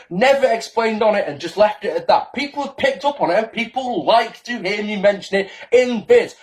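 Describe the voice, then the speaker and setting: Sarcastic man ranting with lively pitch. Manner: sarcastic, indignant, swears often. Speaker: wrestling YouTuber. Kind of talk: combative response-video rant. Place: small room.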